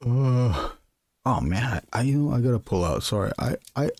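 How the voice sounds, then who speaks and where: A man illustrator chatting casually and rambling to his stream while he draws, asking himself questions out loud. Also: mid-range voice, expressive, moderate pace, no room sound. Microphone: close camera mic.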